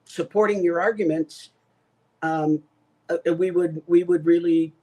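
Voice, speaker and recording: A man co-hosting a political talk show, speaking haltingly with many fillers. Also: a little high, steady tone, darkish tone, poor audio. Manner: hesitant, filler-heavy. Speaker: podcast co-host. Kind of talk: casual political chat.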